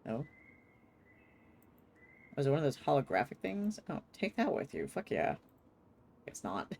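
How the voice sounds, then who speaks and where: A woman livestreaming a narrative game, with a low voice that swings widely in pitch. Her commentary is casual and expressive, full of swearing and quick laughs. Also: gravelly. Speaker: streamer. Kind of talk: casual live gameplay commentary.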